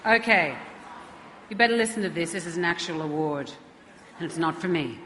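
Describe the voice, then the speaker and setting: A middle-aged woman with a slightly low voice stands at a podium microphone presenting an award. She delivers a tribute speech, slipping in wry, self-deprecating asides. Her words ring out with a long reverb through a large event hall. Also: expressive, fairly quick, pushed and bright, a little hiss or hum.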